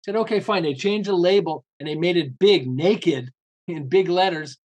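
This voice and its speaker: A man being interviewed as a guest author on a podcast, talking loosely with lots of "you know" and acting out what people think by jumping up and down in pitch. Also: normal speed, muffled recording. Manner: animated, acts out quoted thoughts with big jumps in pitch.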